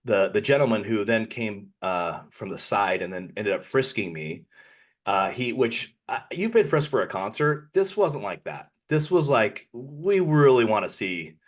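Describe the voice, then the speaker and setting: A man's voice: lowish voice, expressive, normal speed. A man co-hosting a podcast, telling a long personal story in a casual, rambling way and often correcting himself mid-sentence. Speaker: podcast co-host.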